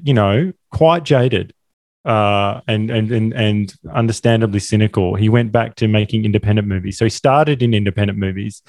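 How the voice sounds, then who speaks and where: A man's voice: fairly low pitch, normal speed, a little mellow, no echo, clean studio sound. A man co-hosting a film podcast, talking enthusiastically in a rambling way with frequent restarts. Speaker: podcast co-host. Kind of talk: casual film discussion.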